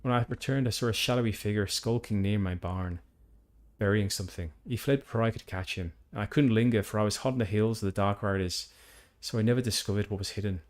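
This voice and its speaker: A man's voice: on the low side, fast talker, lightly acted. A man voicing a vengeful human farmer-fighter in a put-on Northern Irish accent, reading quest text earnestly.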